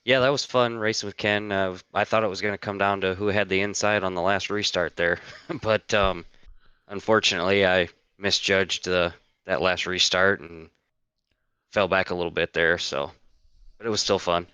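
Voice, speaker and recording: A sim racing driver, a man with a very deep, smooth voice giving calm, short answers. The audio sounds a little dull, like a voice chat, and is dry. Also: moderate pace, no echo. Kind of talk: post-race interview answers.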